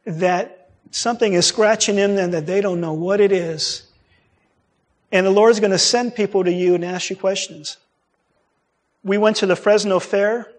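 A middle-aged man preaching a sermon, telling a personal story with animated delivery and acting out the voices of people he quotes. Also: sits high.

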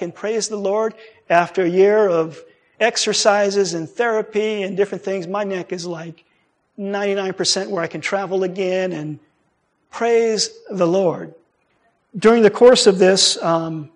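High-voiced man preaching with lively storytelling. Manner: animated storytelling, acting out quoted voices. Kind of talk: sermon with personal story.

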